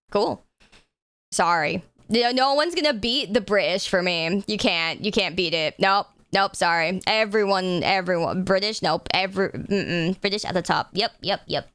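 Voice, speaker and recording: A woman's voice: lowish voice, fairly bright tone, smooth, dry recording. A woman streaming live, chatting casually with her viewers, laughing often and swearing freely. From United States.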